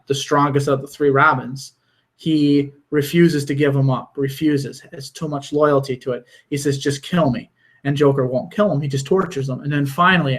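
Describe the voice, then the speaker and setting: Animated man retelling cartoon scenes. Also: fairly high pitch. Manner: animated storyteller, acts out quoted lines. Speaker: podcast co-host.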